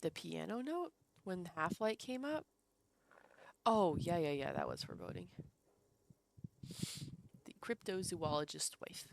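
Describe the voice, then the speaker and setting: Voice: mid-range voice, animated, a little slow, gravelly, long pauses. Chatty streamer with light Southern lilt. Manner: chatty, reacts to chat, laughs often. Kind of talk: casual gameplay commentary.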